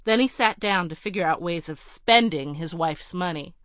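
A woman narrating a storybook in a measured, clear reading. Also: fairly low pitch, lively intonation, fairly bright tone, no room sound, clean studio sound.

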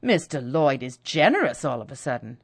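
A woman's voice: extremely low pitch, very animated, a little fast, creaky, husky, heavily acted. A woman reading the part of a jealous, proud young woman who speaks passionately and bitterly.

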